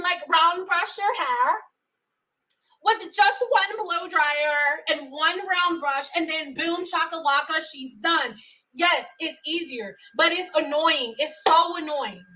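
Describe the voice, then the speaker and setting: A woman in her thirties rants bluntly and profanely, sounding thoroughly exasperated. Her voice is very high and bright, with a sharp edge. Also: rough recording. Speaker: vlogger. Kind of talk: profane ranting commentary.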